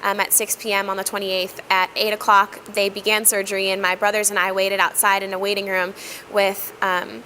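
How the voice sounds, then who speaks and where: Bright-voiced woman telling a heartfelt story. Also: mid-range voice, little pitch movement, a little hiss or hum, low-quality recording. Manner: earnest, reflective, with frequent pauses and "um". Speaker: guest sharing personal testimony.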